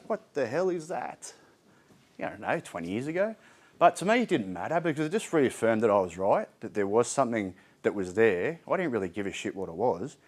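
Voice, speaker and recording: Australian male speaker, late 30s, low-pitched, casual and frank, lots of fillers and restarts. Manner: candid, chatty, frequent ums and restarts. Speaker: mental health speaker. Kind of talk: informal community talk. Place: indoor community hall.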